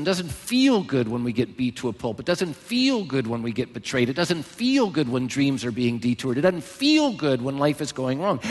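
A male pastor preaching a sermon in church, emphatic and animated, with joking asides. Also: a little high. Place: large church hall. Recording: long hall reverb.

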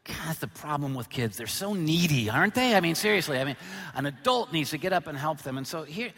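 A middle-aged man preaching a sermon, his voice bright and lively as it swings up and down. He trades self-mocking jokes for sudden loud, pointed emphasis. The sound rings with the long reverb of a large church hall. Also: a little high, brisk, slightly rough. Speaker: pastor.

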